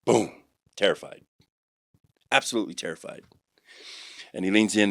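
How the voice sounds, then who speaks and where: A man in his forties telling his life testimony on a podcast, rambling with many restarts and turning animated when he quotes others. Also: on the low side, moderate pace, dry recording, studio quality. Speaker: guest sharing a testimony.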